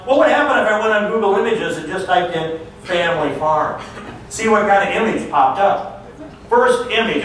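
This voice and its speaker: A man delivers a political stump speech in a folksy, mocking storytelling way. His voice sits fairly high. The sound is very echoey and distant, as if caught from the back of a big hall, with a faint hiss underneath. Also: a bit bright. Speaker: political speaker.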